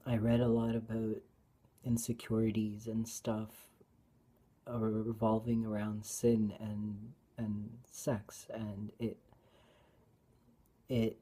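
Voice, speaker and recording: A tearful woman sharing a personal Bible reflection in a halting, hesitant way, often dropping to a whisper. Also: extremely low pitch, monotone, breathy edge. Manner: halting, hesitant, with many restarts; soft-spoken, often drops to a whisper. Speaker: vlogger.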